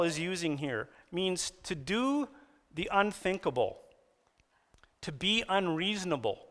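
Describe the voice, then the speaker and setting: A man preaching a sermon, telling stories with animated delivery and raising his voice for quoted lines. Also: a little slow. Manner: animated storytelling, raises pitch for quoted lines. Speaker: pastor. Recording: long reverb of a church hall.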